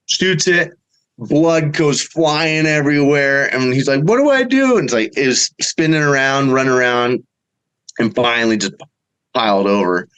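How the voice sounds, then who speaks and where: A middle-aged man, a bowhunter guest, telling a story in a casual way and acting out the quotes with big jumps in pitch. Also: fairly even intonation, measured pace, fairly bright tone, smooth, poor audio.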